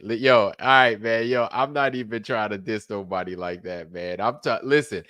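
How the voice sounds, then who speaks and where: Male streamer, loose profane banter, animated delivery, dry close sound. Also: mid-range voice, normal speed, no echo. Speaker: livestream host. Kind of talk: casual chat.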